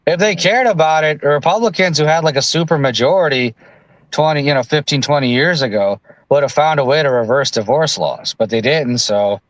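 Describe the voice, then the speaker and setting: A man's voice: fairly high pitch, fairly quick, dry recording, low-quality recording. A man co-hosting a livestream in casual, opinionated chat. He talks bluntly and sarcastically, and often restarts his sentences. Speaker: livestream co-host.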